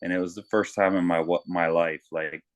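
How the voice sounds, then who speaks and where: A man with a low voice tells stories from his military days in a loose, animated way. He swears freely and acts out the shouting he heard. The sound is dry and close. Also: fairly quick, dry recording. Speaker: guest, Navy veteran. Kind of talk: casual interview storytelling.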